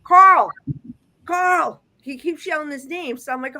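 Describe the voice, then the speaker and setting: This high-pitched woman, a guest who works as a psychic medium, talks fast and with a slightly raised voice as she shares her readings over a video call. The conversation is a casual storytelling chat, animated and chatty, with sentences she often breaks off and begins again.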